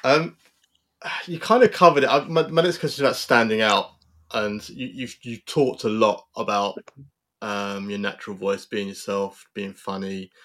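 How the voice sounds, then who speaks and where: A man's voice: lowish voice, normal speed, fairly bright tone. A man hosting a casual interview, asking reflective questions in a conversational way. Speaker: interview host.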